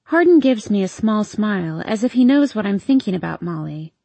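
Mellow, husky woman narrating softly. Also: mid-range voice, lively intonation, a little fast, no echo. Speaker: audiobook narrator. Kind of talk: first-person romance narration.

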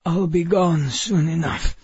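A frail dying Russian man rasps out his words in a thin croak and a Russian accent, as a male narrator puts him on. The voice sits higher than the reader's own and sounds strained and distant in timbre, in a dry, slightly dull audiobook recording. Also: steady tone, takes it slowly, a little mellow, dry recording, full character voice. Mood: weak, dying.

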